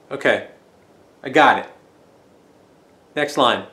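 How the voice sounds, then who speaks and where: Man, rambling record-collection chat, slightly high voice, roomy echo. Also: a little slow. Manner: rambling, chatty, jokey asides.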